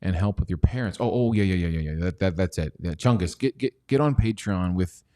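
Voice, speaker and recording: A man's voice: low voice, animated, brisk, dark tone. A man hosting a livestream, joking around and reading viewer comments aloud in rambling, casual banter. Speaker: livestream host.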